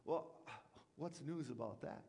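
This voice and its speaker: A man's voice: on the high side, measured pace, warm tone, in a large hall. A man preaching a sermon as a pastor, talking conversationally with rhetorical questions and acted-out asides.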